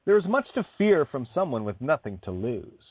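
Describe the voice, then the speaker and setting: A man's voice: medium pitch, very animated, moderate pace, slightly rough, no echo. A man hosting an internet radio show, talking bluntly with swearing, laughing and restarting as he goes. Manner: blunt, profane, emphatic. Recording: tinny phone-like sound, dry.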